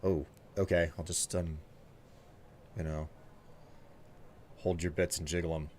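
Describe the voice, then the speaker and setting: A man with a somewhat low voice talks casually to his live-stream audience. He teases viewers playfully and thanks them one by one by name. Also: little pitch movement, a little slow, darkish tone, slight background noise.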